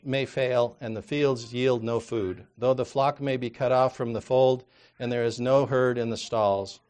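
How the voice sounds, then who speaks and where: A man preaching a sermon in a conversational way, reading scripture aloud and moving from quiet asides to loud, emphatic exhortation. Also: medium pitch. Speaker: counselor.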